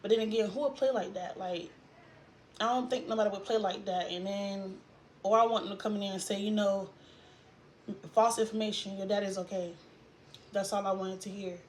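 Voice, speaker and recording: A young woman telling a painful personal story in a vlog, halting and trailing off as she fights tears. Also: mid-range voice, steady tone, a little hiss or hum. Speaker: vlogger.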